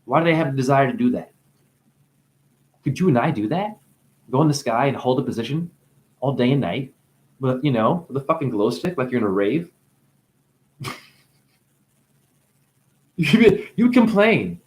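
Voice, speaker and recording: A man's voice: mid-range voice, animated, normal speed, pauses often, a little mellow. A man giving a rambling spiritual monologue, free-associating with wordplay, swearing often and breaking into laughter. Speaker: self-styled spiritual teacher.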